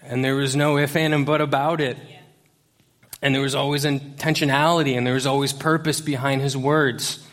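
A man gives a laid-back sermon to a church congregation as its youth pastor, his voice sitting at an ordinary middle pitch. He talks loosely and jokes along the way, with plenty of ums and restarts. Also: little pitch movement, moderate pace, fairly bright tone. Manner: casual, joking, many fillers. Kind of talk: conversational sermon. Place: church service before a congregation.

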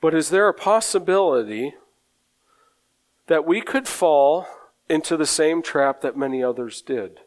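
A man preaching a sermon in a slow, earnest way, often repeating words as he gathers his thoughts. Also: on the high side, lively intonation.

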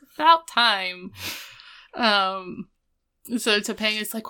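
A woman's voice: mid-range voice, measured pace, pushed and bright. A woman co-hosting a casual recap chat, retelling scenes and quoting the characters as she goes. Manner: retells scenes with quoted voices. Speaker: podcast co-host.

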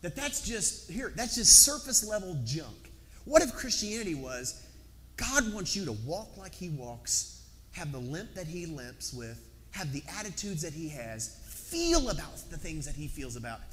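Animated Southern preacher, high and lively. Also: male voice, normal speed. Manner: emphatic, animated, repeats words for stress. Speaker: pastor. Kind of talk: sermon. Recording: echoey hall, faint background noise.

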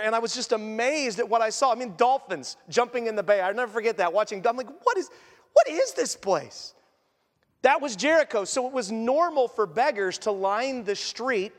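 Pastor, male, high voice, chatty preaching style, long church-hall reverb. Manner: asks the congregation questions and acts out quotes. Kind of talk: conversational sermon.

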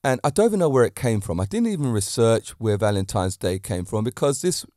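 A man hosting his own podcast, a fitness teacher talking about romance in a lively, preachy way with many rhetorical questions into a handheld mic. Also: lowish voice, a little fast, dry recording, studio quality. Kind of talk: solo podcast talk on romance.

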